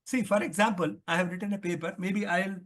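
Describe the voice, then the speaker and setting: High-voiced older Indian man explaining. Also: steady tone, a little fast, fairly bright tone. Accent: Indian English. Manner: repetitive, lecturing, asks himself questions. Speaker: author interviewed on the Vedas. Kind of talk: explanatory conversational interview.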